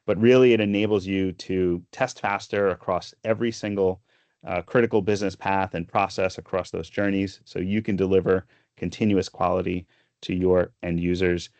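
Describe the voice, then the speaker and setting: Male presenter, deep voice, dry close sound, explanatory demo delivery. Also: moderate pace, no echo. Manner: explanatory, steady, with frequent fillers. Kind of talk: software demo walkthrough.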